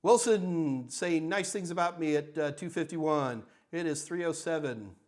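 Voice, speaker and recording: A man's voice: fairly high pitch, unhurried. An older man hosting a live tech Q&A, answering chat questions in a blunt, emphatic, ranting way. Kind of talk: live Q&A stream.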